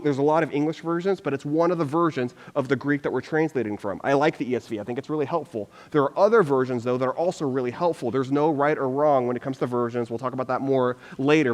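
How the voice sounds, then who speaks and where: A pastor preaching in a relaxed, talkative way, his voice sitting a bit high for a man. He fills his sentences with "like" and acts out how people react. The sound rings on with the long tail of a hall. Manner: chatty, lots of "like", acts out reactions. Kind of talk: casual sermon.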